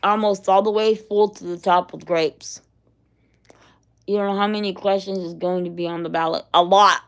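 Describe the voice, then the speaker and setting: A middle-aged woman talking casually, wandering from story to story. Her voice sits at an ordinary middle pitch. She laughs often as she goes. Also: steady tone, moderate pace, clear, resonant tone. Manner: rambling, chatty, laughs often. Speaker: vlogger. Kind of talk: casual chat.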